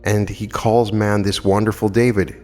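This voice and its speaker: Man, fifties, low voice, earnest lecture, long hall echo. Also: flat delivery, normal speed, a little mellow, soft background music. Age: 50s. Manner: earnest, emphatic storytelling with rhetorical questions. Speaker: metaphysical lecturer. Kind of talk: spiritual lecture with anecdotes.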